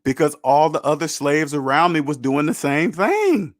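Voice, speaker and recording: A man's voice: fairly high pitch, animated, moderate pace, dry recording, studio quality. A man hosting a personal finance livestream, lecturing emphatically with rhetorical questions and answering chat. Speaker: personal finance show host.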